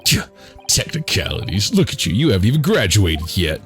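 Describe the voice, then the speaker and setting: A man's voice: lowish voice, big pitch swings, brisk, fairly bright tone, soft background music. A man voicing a dismissive, scornful male court officer, reading game dialogue aloud. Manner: dismissive, sneering.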